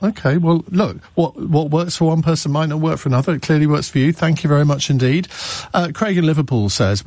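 A man's voice: a little high, fairly quick, few pauses, no echo, studio quality. A man hosting a radio phone-in, chatting easily with callers and reading out listener messages. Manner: relaxed, conversational, reads listener messages.

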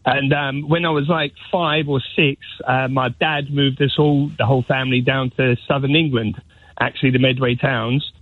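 A man's voice: mid-range voice, steady tone, normal speed, dry recording. A Scottish-born man calling in to a radio phone-in, friendly and chatty as he tells his story. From Scotland. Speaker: caller. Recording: tinny phone line.

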